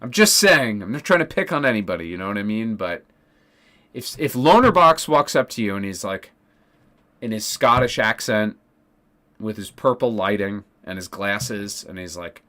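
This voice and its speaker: A man's voice: lowish voice, animated, normal speed, pushed and bright. A young adult man in a casual livestream rant, rambling, restarting his sentences and swearing as he talks politics with his chat. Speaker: political streamer.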